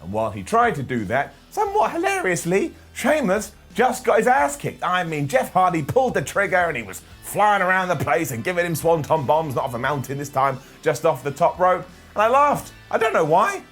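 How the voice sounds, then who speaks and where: A man talks through a wrestling review with sarcastic jokes and side remarks. His voice sits a bit high and swings up and down a lot. Faint music plays behind him. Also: big pitch swings, a little fast, few pauses, a bit bright. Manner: sarcastic, joking asides. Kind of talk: casual comedic video commentary.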